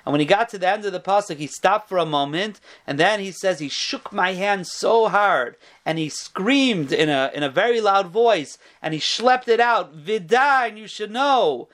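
Male lecturer, higher pitch, telling stories in a Torah class, restarts often. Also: lively intonation, normal speed, few pauses, a bit bright. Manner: storytelling, with frequent restarts and Hebrew terms.

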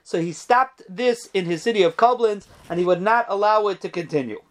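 Male lecturer, high pitch, casual explanatory Torah class. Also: expressive, fairly quick. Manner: reads Hebrew quotes, then explains them in casual English with fillers. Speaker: Torah teacher. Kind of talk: lecture reading and translating rabbinic responsa.

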